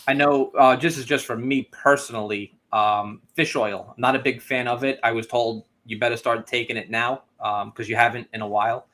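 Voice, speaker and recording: A man's voice: medium pitch, steady tone, moderate pace, few pauses, bright, forceful tone. A man hosting a casual live-stream interview, chatty and loose, with many "like" and "um" fillers. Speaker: host.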